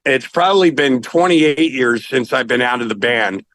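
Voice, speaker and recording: A middle-aged man, a rock singer, telling anecdotes in a casual interview, animated and laughing now and then. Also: medium pitch, moderate pace, low-quality recording.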